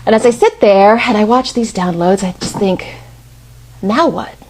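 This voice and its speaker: A woman of about fifty giving a storytelling talk in a conversational, expressive way. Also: medium pitch, normal speed, slight background noise. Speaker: speaker.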